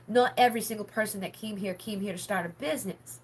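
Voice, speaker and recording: A woman's voice: medium pitch, fast, husky. A woman hosting a casual livestream for her members, rambling with lots of filler words and frank swearing. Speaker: spiritual healer hosting a members' live stream.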